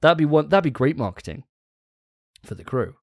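A man's voice: on the high side, sing-song, moderate pace, no room sound, clean studio sound. A man hosting a gaming podcast in casual chat, enthusiastic and profane and laughing often. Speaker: podcast host.

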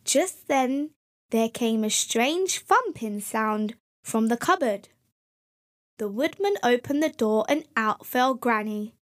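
A woman reading a children's fairy tale aloud as storyteller, gentle and clear. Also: fairly high pitch, lively intonation, takes it slowly.

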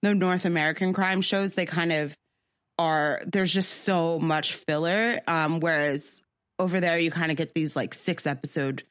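A young woman talks in a relaxed, rambling way, piling up fillers and restarting her sentences as she co-hosts a podcast. Her voice sits a little low, and the sound is dry and close. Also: moderate pace, no room sound. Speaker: podcast co-host. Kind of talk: casual chat.

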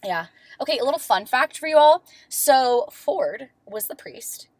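A young woman with a high, bright-sounding pitch chats casually as a podcast co-host. She's playful and talkative, full of fillers, and the recording is close and dry. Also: expressive, measured pace, no echo. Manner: chatty, playful, breaks into put-on accents. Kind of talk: casual chat.

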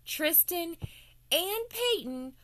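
A woman's voice: very high-pitched, expressive, very slow, a bit bright, no echo. A woman telling a playful bedtime story to children as the show's host.

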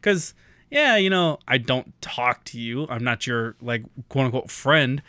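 A man's voice: mid-range voice, a little slow, clear, resonant tone, dry recording. A young man hosting a podcast, chatting casually with friends, swearing and acting out quotes as he talks. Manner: swearing, loose, animated storytelling with mimicked quotes. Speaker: podcast host. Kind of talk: casual chat.

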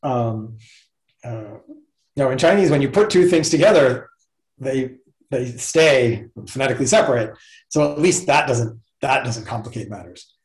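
A man's voice: medium pitch, animated, moderate pace. A man, a professor guest in a casual interview, explaining ideas thoughtfully and step by step. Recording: roomy echo.

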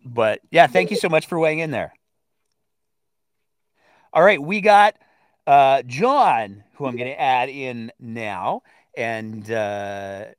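A man hosting a live audio chat, talking in a measured, hedging way with frequent restarts. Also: medium pitch, no room sound, clean studio sound. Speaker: host.

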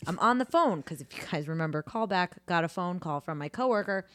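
A woman's voice: fairly low pitch, expressive, fairly quick, fairly bright tone, no room sound. Bubbly woman chatting on a podcast. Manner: bubbly, laughs often, dramatic retelling. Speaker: podcast co-host. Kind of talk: casual chat. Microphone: desk mic on arm.

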